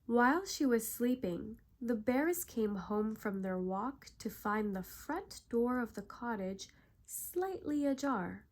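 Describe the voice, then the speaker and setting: A woman narrating a bedtime story with calm, gentle warmth of pace, unhurried and soothing. Her voice sits a touch high and she takes her time over every line.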